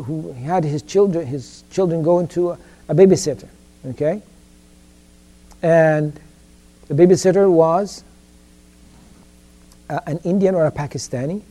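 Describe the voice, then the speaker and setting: A man's voice: a little high, dark tone. A man giving an informal religious education lecture, stumbling and repeating words and often checking in with "okay?". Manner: halting, repeats words, keeps asking "okay?".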